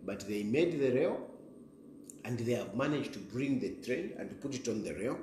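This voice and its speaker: A man's voice: mid-range voice, lively intonation, normal speed, darkish tone. A middle-aged Zambian man hosting a direct-to-camera political monologue, combative and repetitive, switching between English and Bemba. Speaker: political commentator, show host. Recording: roomy echo, faint background hiss.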